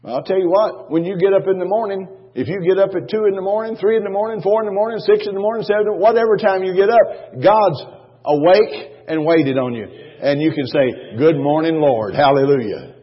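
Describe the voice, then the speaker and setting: A husky male pastor preaches emphatically, repeating lines for weight and tossing rhetorical questions to his congregation. His voice sits high and moves fairly quickly. The sound is dull and muffled, and a long church-hall echo trails each phrase.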